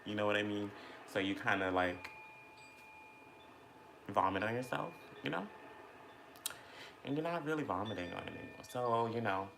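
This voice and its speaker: A man's voice: on the low side, lively intonation, normal speed, gravelly, pauses often, fairly bright tone, a little hiss or hum. A man chatting casually and reflectively while eating, rambling with many fillers as he thinks aloud about feelings. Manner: rambling, filler-heavy, introspective. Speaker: mukbang vlogger.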